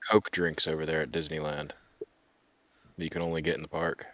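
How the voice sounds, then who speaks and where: A man with a very deep voice jumps into a casual podcast chat with quick wisecracks. He sounds dry and close to the mic. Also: flat delivery, fairly bright tone, no echo, dull audio. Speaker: podcast co-host.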